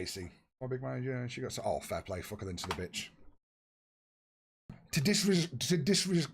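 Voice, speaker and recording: A young man with a husky voice, chatting casually and swearing freely with his viewers while he plays a football management game. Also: medium pitch. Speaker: streamer. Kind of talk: casual live-stream chat.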